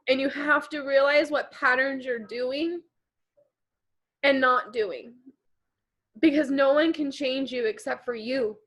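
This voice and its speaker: A woman's voice: sits high, fairly bright tone, poor audio. Emotional woman giving a pep talk. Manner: emotional, impassioned, repeating phrases for emphasis. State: teary. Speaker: team leader. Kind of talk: motivational team talk.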